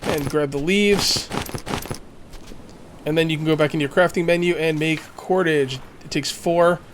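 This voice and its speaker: A man's voice: on the high side, fairly even intonation, normal speed, noisy background. A man casually commenting while playing a survival game, thinking aloud and making jokey asides. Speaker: let's play gamer.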